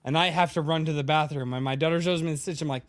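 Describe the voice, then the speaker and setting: A man's voice: a little high, steady tone, fast talker. A man hosting a casual podcast chat, rambling and swearing freely, a bit tipsy from drinking. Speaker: podcast host.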